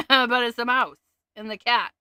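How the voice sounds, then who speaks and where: A woman's voice: on the high side, steady tone, takes it slowly, bright, forceful tone, clean tone, no room sound. A woman hosting a casual crafting livestream, chatting and giggling as she sorts through her stamps. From Canada. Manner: chatty, giggly, thinks aloud.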